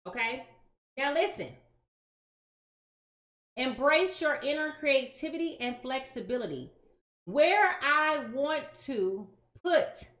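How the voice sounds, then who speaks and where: Brief: woman tarot reader, higher voice, chatty and slangy, talks straight to her viewers, roomy echo. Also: fairly bright tone. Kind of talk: casual live-stream tarot reading.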